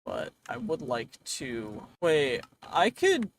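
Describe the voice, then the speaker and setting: A man casually commenting on his own gameplay, chatty and playful, thinking out loud, with a voice that is wearing out. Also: medium pitch, very animated, slow, vocal fry, slight background noise. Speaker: gaming channel host.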